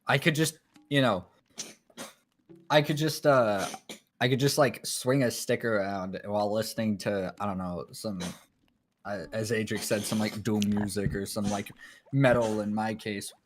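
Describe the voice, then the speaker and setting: A man's voice: on the low side, fairly even intonation, a little slow, slight background noise. A man chatting casually as a guest on a stream, laid-back and rambling, swearing and laughing often. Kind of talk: casual chat.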